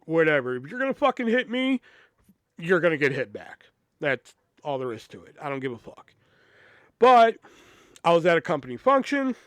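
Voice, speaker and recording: A young man tells a story from his own life in a loose, profane podcast monologue. He keeps restarting his sentences and leans on fillers. His voice is smooth and resonant, and the recording is close and dry. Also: a little high, dry recording. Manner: turns quiet and reflective. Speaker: podcast host telling a personal story.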